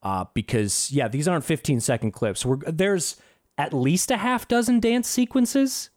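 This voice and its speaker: A man with a slightly raised voice riffs on a movie in a loose podcast chat. His delivery is sarcastic and full of swearing, building into animated rants. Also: a little high, measured pace. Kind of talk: casual movie review chat.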